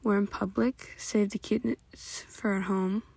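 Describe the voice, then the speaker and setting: A woman's voice: medium pitch, fairly even intonation, unhurried, creaky, a little mellow, slightly rough, dry recording. A woman reading as a protective teenage boyfriend. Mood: calm. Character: protective teenage boyfriend, gentle but firm.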